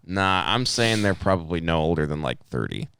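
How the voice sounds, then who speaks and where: A man's voice: low voice, gravelly, a bit bright, slight background noise. A man in his twenties co-hosting a podcast, telling a long rambling story in casual chat and swearing a lot. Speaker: podcast co-host.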